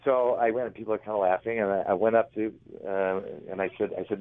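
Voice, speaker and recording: A man's voice: lowish voice, fairly even intonation, fast talker, hardly any pauses, no room sound. A man interviewed as an author, telling rambling anecdotes and often correcting himself mid-sentence. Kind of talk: casual storytelling. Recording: tinny phone line, dry.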